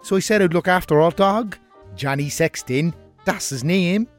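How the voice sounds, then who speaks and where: In a high voice at a moderate pace, a man with a Cork accent plays a brash young northside letter-writer in a comic radio letter reading. His performance is lightly acted and cheeky, the story told broadly, with faint music behind.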